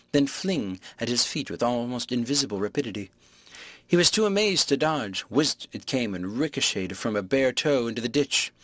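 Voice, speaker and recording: A man reads a classic novel aloud in a measured, expressive way, his voice in the middle range. The recording is dry and close, with no room sound. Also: mid-range voice, no room sound. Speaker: audiobook narrator. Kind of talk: scripted audiobook narration.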